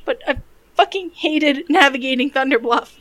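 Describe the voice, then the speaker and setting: A woman's voice: high-pitched, normal speed, a bit bright. A woman in a casual gaming chat over a call, talking bluntly and swearing as she vents. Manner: blunt, swears when venting.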